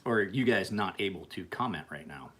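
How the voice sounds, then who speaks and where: A man's voice: low-pitched, animated, moderate pace, a bit bright, slightly rough. A man who sharpens and refinishes knives, chatting casually and profanely with viewers on a livestream. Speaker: knife sharpener.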